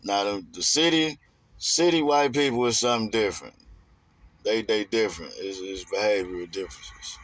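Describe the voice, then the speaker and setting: A man's voice: lowish voice, moderate pace, fairly bright tone, no echo. A man giving a rambling, emphatic casual monologue in streetwise slang.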